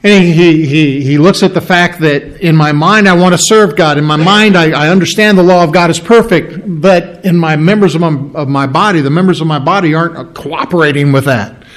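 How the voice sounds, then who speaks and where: A man's voice: on the high side, normal speed. A man preaching a sermon, explaining scripture earnestly, often repeating and restarting words as he works through a point. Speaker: pastor.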